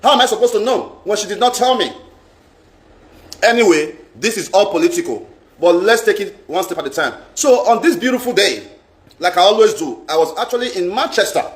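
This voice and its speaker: A man's voice: high voice, animated, fairly quick. A Nigerian man ranting on a live stream in a casual way, repeating himself and mixing in pidgin. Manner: emphatic, repeats phrases, mixes in pidgin. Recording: roomy echo.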